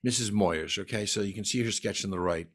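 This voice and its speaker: A man's voice: fairly low pitch, fairly quick, fairly bright tone. A man giving a folklore lecture at a library, enthusiastically reading out lists of dates and sighting reports. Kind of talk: lecture presentation.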